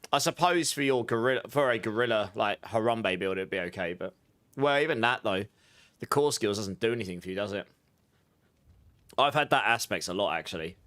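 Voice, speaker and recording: A man streaming a game, talking loosely to his viewers and greeting them one by one. His voice is clear and smooth, and he laughs easily between remarks. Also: mid-range voice, a bit bright. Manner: chatty, laughs often, greets chat by name. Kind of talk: casual livestream chat with viewers.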